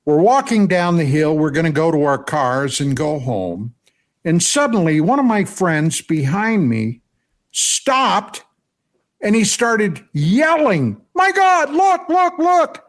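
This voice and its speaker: An older man from Pennsylvania telling a personal story on a radio show, animated and often asking "okay?". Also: fairly high pitch, unhurried. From Pennsylvania, USA.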